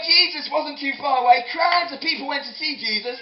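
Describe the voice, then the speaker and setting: A man telling a Bible story to children in an animated, playful way, drawing in his audience. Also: very high-pitched, brisk, few pauses. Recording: echoey hall, dull lo-fi sound.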